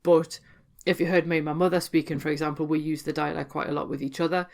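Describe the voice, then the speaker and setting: A woman's voice: deep voice, little pitch movement, quick pace, vocal fry, darkish tone. A woman with a Geordie accent hosting a podcast, talking through her topic in a chatty, explanatory way. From Newcastle, North East England. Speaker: podcast host. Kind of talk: podcast monologue.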